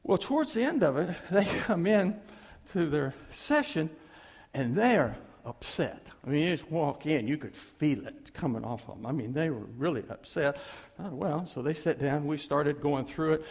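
A man, a pastor, telling a story in a sermon in an animated, folksy way. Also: a little high, moderate pace, vocal fry, breathy edge. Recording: long reverb of a large hall.

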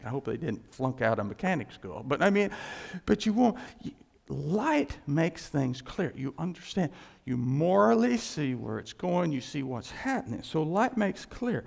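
A man preaching a sermon as a pastor, in a conversational, animated way with asides. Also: a little high, gravelly. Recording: long hall reverb.

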